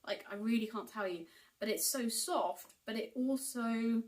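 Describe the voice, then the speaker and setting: A woman's voice: fairly high pitch, measured pace. A woman chatting casually to camera about her knitting purchases, enthusiastic and full of ums and likes. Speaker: knitting vlogger. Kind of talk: casual haul chat to camera. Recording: voice picked up from a distance.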